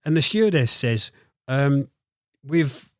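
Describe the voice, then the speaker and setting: In a podcast studio, a guest from Birmingham, England, speaks in a Brummie accent, slowly and with a clear, resonant medium-pitched voice. He's an animated storyteller recounting a casual anecdote and voicing what others said. The recording is dry and studio quality.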